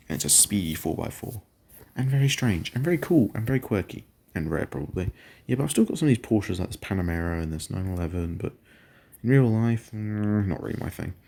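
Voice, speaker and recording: Man, deep voice, gravelly, casual game commentary, rambling, self-correcting. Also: warm tone. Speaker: gaming channel host.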